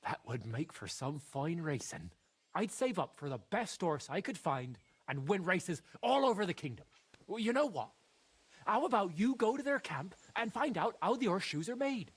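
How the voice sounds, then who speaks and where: A man's voice: sits high, sing-song, moderate pace, slightly rough, heavily acted. An actor playing an eager medieval guildsman in a video game, with a persuasive, coaxing manner.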